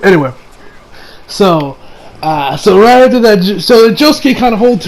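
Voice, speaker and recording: A man's voice: high voice, expressive, a little slow, pauses often. A man casually recapping an anime episode in a rambling, laughing way, with frequent profanity and fillers. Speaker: anime reviewer.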